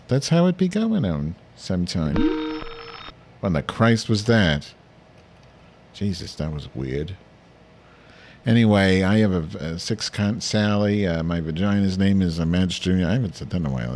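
Very deep-voiced man rambling crudely. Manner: crude, meandering, deadpan with filler-heavy storytelling. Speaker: podcast host. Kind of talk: rambling comedic monologue.

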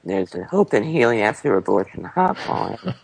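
A man joking around with a friend on a prank call, giving flat, terse replies. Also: lowish voice, normal speed, gravelly, breathy edge, no echo, low-quality recording. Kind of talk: casual comedic banter.

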